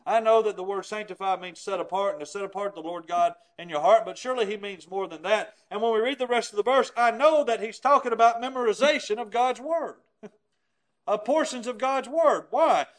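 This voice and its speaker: High-voiced preacher, earnest. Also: male voice, fairly quick, poor audio. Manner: earnest, emphatic, rhetorical questions. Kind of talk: sermon.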